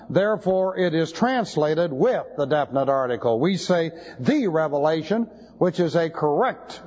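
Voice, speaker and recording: A man's voice: on the high side, a little mellow. Emphatic male Bible teacher, lo-fi hall. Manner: emphatic, spells out Greek words letter by letter. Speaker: pastor. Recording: dull lo-fi tape in a reverberant hall.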